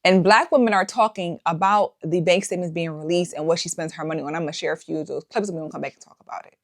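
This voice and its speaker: A woman's voice: on the low side, steady tone, racing. A woman hosting a commentary show, talking casually and peppering her points with rhetorical questions. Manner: rhetorical, keeps asking "right?". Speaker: host. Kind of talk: commentary on social media clips.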